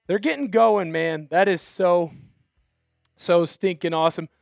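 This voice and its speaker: A man hosting a live sports show, chatting excitedly with many fillers and restarts. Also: sits high, unhurried, vocal fry, no room sound, clean studio sound, soft background music. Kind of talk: excited casual live commentary.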